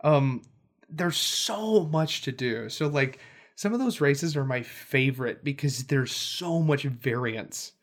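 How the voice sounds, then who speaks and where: Male podcast co-host, mid-pitched, animated and rambling, quick to laugh. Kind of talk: casual chat about tabletop games.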